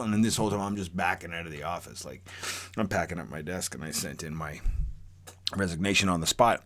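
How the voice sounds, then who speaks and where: A man's voice: low voice, fast talker, fairly bright tone. A man telling a true story from his own life in a casual, rambling, profane way, full of fillers and restarts.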